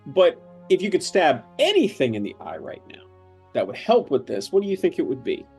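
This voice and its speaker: A man voicing a gentle, hesitant male HR agent who talks in a soothing, stammering way. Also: high voice, sing-song, a little slow, faint music behind, heavily acted.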